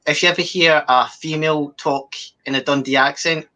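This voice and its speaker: Bright-voiced man from Scotland. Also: fairly high pitch, fairly even intonation, moderate pace. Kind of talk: casual chat.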